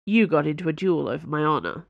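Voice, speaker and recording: A woman voicing a dry, reserved male swordsman, talking flat and firm. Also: low-pitched, fast, vocal fry, dry recording, heavily acted. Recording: dull lo-fi dry recording.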